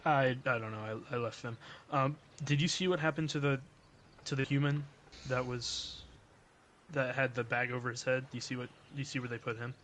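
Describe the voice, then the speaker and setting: A man's voice: medium pitch, fairly even intonation, fairly quick, fairly bright tone, a little hiss or hum. Hesitant man, tabletop game player. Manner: hesitant, repeating words.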